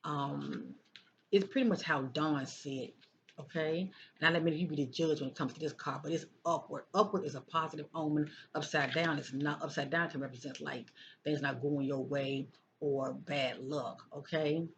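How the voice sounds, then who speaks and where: In this casual tarot session, a psychic with a gravelly, medium-pitched voice speaks at normal speed with fairly even intonation. Phrases get repeated often, and "okay?" comes up regularly as a check-in. The audio is dull and lo-fi under a faint layer of noise.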